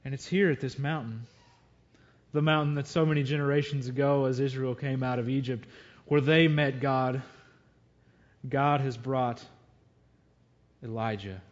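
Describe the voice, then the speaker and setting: A man preaching a sermon, earnestly reading scripture aloud and reflecting on it. His voice sits at an ordinary middle pitch. The recording sounds a little dull and lo-fi. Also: steady tone, measured pace, long pauses.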